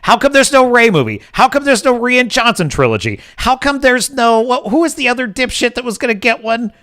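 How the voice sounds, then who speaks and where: A man's voice: extremely high pitch, animated, fairly quick, a bit bright. A male host giving sarcastic, mocking livestream commentary.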